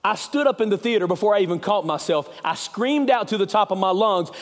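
A man preaching a sermon as an evangelist, with a Southern US accent, telling stories with passion and swinging from loud to hushed. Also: very high-pitched, lively intonation, fairly quick, few pauses, in a large hall, a little hiss or hum.

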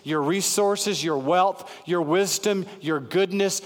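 Slow, emphatic male preacher in a hall. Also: on the high side. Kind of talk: sermon. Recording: long hall reverb.

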